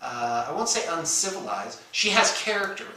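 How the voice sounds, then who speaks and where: Bright-voiced man in an echoey room. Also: a little high, big pitch swings, moderate pace. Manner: dry, self-mocking humor with frequent hesitations. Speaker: radio show co-host. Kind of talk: casual banter. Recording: echoey room, distant from the mic.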